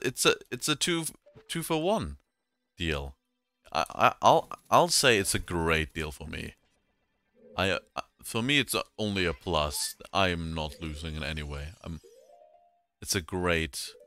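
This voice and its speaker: A man narrates his own gameplay in a loose, joking ramble, cursing freely at the game. His voice is bright and crisp, and he takes his time, drawing out his words. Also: sits low. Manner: swears and exclaims at the game. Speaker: let's play gamer. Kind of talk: casual gameplay commentary.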